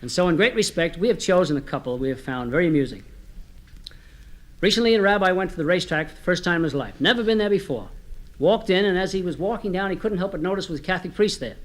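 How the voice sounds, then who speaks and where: For a comedy record, a man with a fairly high voice tells homespun jokes. His delivery is chatty and relaxed, and he keeps turning to address his listeners along the way.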